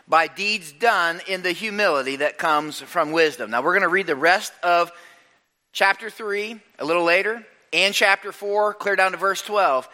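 A male pastor preaching a sermon in a church, telling stories with lively acted-out lines. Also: high voice. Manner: animated storytelling, acts out his own shouts.

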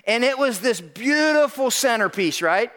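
A man telling a personal story to an audience, animated and acting out the voices of the people in it, often checking in with "right?". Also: extremely high pitch, a little slow.

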